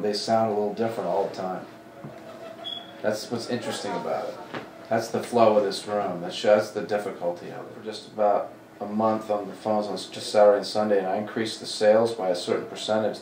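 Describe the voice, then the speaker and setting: A man's voice: lowish voice, a little hiss or hum. A man in his forties, a comedy club talent coordinator, telling stories in a casual interview and acting out the voices of the people he quotes. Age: 40s. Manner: animated, acts out quoted dialogue. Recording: echoey room, mic at a distance.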